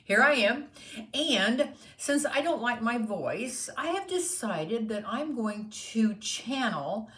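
A woman's voice: a little high, lively intonation, takes it slowly, a bit bright. Older woman, playful put-on Southern accent, folksy and giggly, casual vlog chatter. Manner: giggly, silly, folksy and rambling. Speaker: vlogger.

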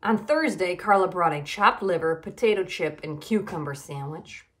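A woman nutrition educator reading a children's storybook aloud, expressive and emphatic. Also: fairly low pitch, normal speed.

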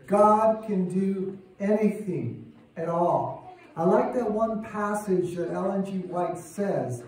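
In an echoey church sanctuary, a male lay preacher gives a sermon with mounting fervor and emphasis, heard from a distance by a far-off mic. He speaks slowly in a high, slightly mellow voice with lively intonation.

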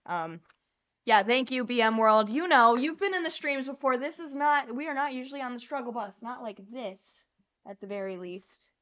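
A woman's voice: on the high side, lively intonation, moderate pace, fairly bright tone. A young woman hosting a casual livestream, flustered and laughing as she swears through tech trouble. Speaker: livestream host. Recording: lo-fi stream audio.

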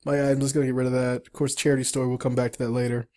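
In this let's-play narration, a player works through a game tutorial, reading the on-screen story aloud and tossing in chatty asides. The voice sits at medium pitch with a level tone, mellow in quality yet racing along quickly.

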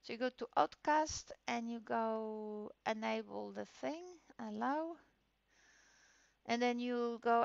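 Female lecturer, higher gravelly voice, chatty podcast lecture, dry and muffled sound. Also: moderate pace, no echo. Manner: chatty, acts out classroom exchanges with children. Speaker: university lecturer. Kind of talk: recorded course podcast lecture.

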